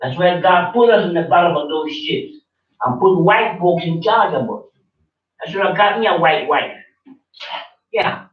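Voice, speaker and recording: A man in his seventies, a religious teacher giving a sermon, preaching forcefully and repeating his points in a confrontational way. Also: high voice, lively intonation, unhurried, long pauses. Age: 70s. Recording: roomy, distant, dull-sounding recording.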